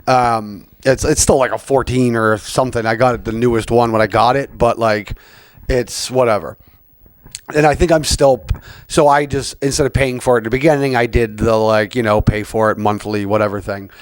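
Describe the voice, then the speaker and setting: A man's voice: mid-range voice, fairly even intonation, normal speed, dry recording. Podcast host, man, rambling profane rant, dry close sound. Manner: rambling, profane, frequent fillers. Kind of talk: casual rant.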